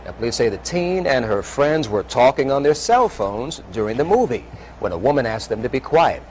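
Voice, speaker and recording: A man reading a local TV news report in a measured broadcast delivery. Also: mid-range voice, sing-song, darkish tone, a little hiss or hum.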